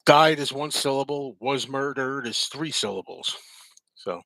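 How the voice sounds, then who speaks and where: A man's voice: medium pitch, measured pace, creaky, bright, forceful tone, no room sound. A man hosting a casual live chat, reading and answering viewer comments in a rambling, repetitive way. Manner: chatty, repeats himself, rambling asides.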